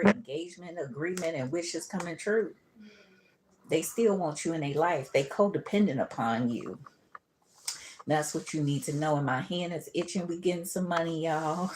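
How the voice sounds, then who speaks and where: Chatty tarot-reading woman, low voice. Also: a little mellow, a little hiss or hum. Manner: chatty, laughs often, calls listeners boo and baby. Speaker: tarot reader. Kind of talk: casual tarot reading livestream.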